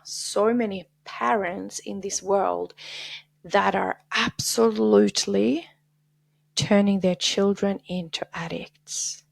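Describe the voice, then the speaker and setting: Earnest woman with a gravelly edge. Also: mid-range voice, no echo. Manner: earnest, confessional, dips to soft whispers. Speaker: podcast host. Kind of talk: candid solo podcast monologue.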